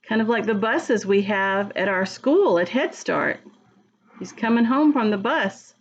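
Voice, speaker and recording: Slow, gentle woman reading to children. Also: mid-range voice, lively intonation, muffled recording, a little hiss or hum. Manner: slow, gentle, asks the listener questions. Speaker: early-childhood reader. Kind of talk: reading a picture book aloud to young children.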